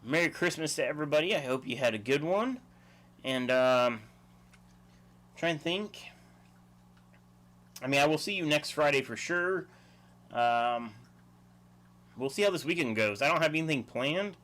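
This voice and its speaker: A man's voice: on the high side, expressive, normal speed, pauses often, a bit bright. Chuckling man chatting on a livestream. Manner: rambling, chuckling, reads chat aloud. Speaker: livestream host. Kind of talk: casual livestream chat.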